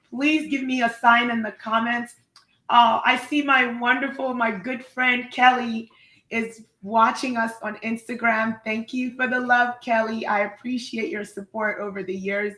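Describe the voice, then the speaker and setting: A woman's voice: fairly high pitch, bright, forceful tone, echoey room, low-quality recording. A woman hosting a live online talk show, effusive and upbeat as she introduces her guest. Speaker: host.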